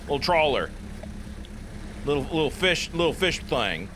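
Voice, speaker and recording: A man hosting a casual let's play, giving animated, jokey commentary on a video game. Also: a little high, a little slow, pauses often. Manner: animated, jokey, self-deprecating.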